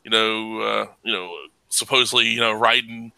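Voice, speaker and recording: A man hosting a casual podcast chat, ranting with heavy profanity and bursting into loud laughs. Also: lowish voice, completely flat delivery, moderate pace, gravelly, no room sound, rough recording. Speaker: podcast host.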